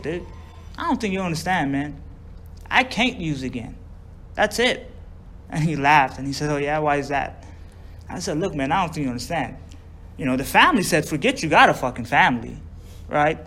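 A man's voice: on the high side, fast, fairly bright tone. A man with a drawl telling a long recovery story, profane and loose, acting out what others said to him. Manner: profane, drawling, acts out quoted voices. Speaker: speaker sharing recovery story. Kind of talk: storytelling to a group.

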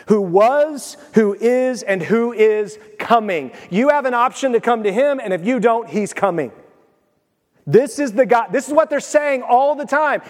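Excitable midwestern pastor guy preaching, kinda high voice, echoey sanctuary. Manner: animated, excitable preaching with sudden swings in loudness. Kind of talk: sermon. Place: church sanctuary. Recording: long reverb of a church hall.

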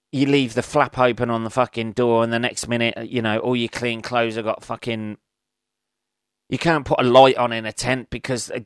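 A man's voice: medium pitch, fairly bright tone, smooth, no room sound, clean studio sound. A man in his forties hosting a podcast, rambling through a sweary, ranting solo monologue. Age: 40s. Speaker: podcast host.

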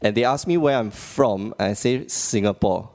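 A man's voice: lowish voice, normal speed, a little mellow. A man from Malaysia hosting a casual podcast, joking and rambling with frequent laughs. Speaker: podcast host.

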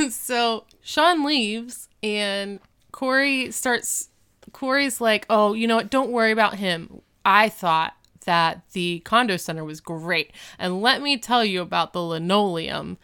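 Woman recapping a show, smooth clear voice, giggly, acts out the lines. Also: mid-range voice, slow pace, a bit bright. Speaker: podcast co-host. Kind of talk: casual chat recapping a TV episode.

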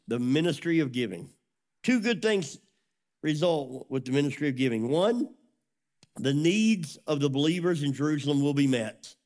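A middle-aged man preaching a sermon as a pastor, telling a story with lively acted-out dialogue. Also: on the high side. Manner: animated storytelling, acts out dialogue.

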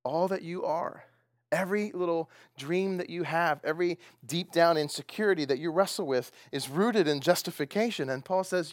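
A man's voice: fairly high pitch, normal speed, no echo, clean studio sound. A man preaching a sermon, asking his congregation questions and laughing often as he talks. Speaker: pastor.

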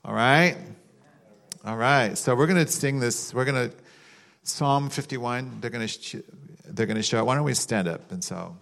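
A man's voice: mid-range voice, moderate pace, creaky, a bit bright. A man preaching a sermon and praying in a conversational, rambling way. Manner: conversational, rambling, acts out mock voices with laughter. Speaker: pastor. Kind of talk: sermon with prayer.

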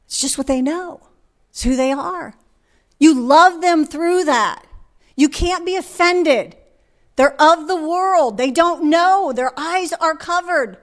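High-voiced woman preaching a sermon. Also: slow. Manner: emphatic, rhetorical questions to the congregation. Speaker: guest preacher.

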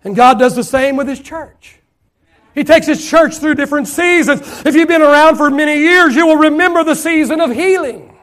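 A middle-aged pastor preaches with a strikingly high voice for a man. He swings from loud, shouted emphasis down to soft, hushed asides. He stretches key phrases out slowly to press them home. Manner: drawn-out, slowed phrases for emphasis. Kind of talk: sermon.

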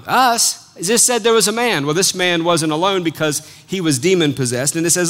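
Briskly and with hardly any pauses, a high-pitched man delivers a sermon. He reads out scripture, unpacks it in a lively, conversational manner, and trades jokes with the congregation.

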